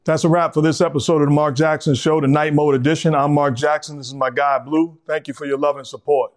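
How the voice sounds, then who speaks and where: A man's voice: fairly high pitch, little pitch movement. Emphatic middle-aged man breaking down basketball. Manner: measured, emphatic basketball analysis. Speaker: host. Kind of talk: sports talk commentary.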